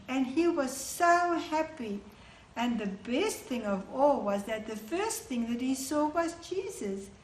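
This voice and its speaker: Slow woman telling children a story. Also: fairly high pitch, roomy sound, a little hiss or hum. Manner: slow, warm-toned teaching to children. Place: church hall.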